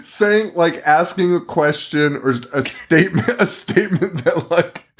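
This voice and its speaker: A man's voice: on the high side, a little slow. A man co-hosting a horror movie podcast, chatting casually, swearing freely and laughing often. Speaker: podcast co-host. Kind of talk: casual chat.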